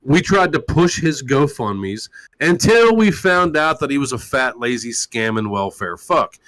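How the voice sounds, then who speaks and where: A man talks a little slowly with big pitch swings over a rough recording. Hosting a call-in live stream as a talk show host, he rants loudly in a crude, mocking way, swearing nonstop.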